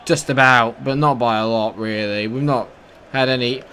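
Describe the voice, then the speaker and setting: A man's voice: medium pitch, moderate pace, pushed and bright, a little hiss or hum. A young British man commentating his own football video game match, frustrated and sarcastic. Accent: British English. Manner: frustrated, swearing, sarcastic outbursts. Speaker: gaming YouTuber. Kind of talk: live gameplay commentary.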